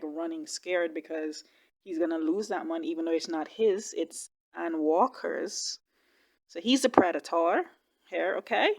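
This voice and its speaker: Chatty woman reacting to a TV drama. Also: fairly low pitch. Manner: chatty, animated, laughs easily. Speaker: YouTube reaction host. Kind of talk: casual TV reaction commentary.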